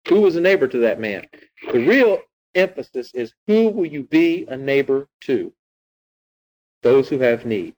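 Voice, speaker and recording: A man's voice: mid-range voice, big pitch swings, unhurried, darkish tone, poor audio. A man preaching as a pastor, retelling a scripture story and teaching with frequent rhetorical questions. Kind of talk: sermon.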